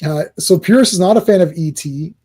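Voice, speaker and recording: A man's voice: a little high, normal speed, dark tone, slightly rough. A middle-aged man hosting a casual movie chat, rambling with restarts and laughs, acting out quotes.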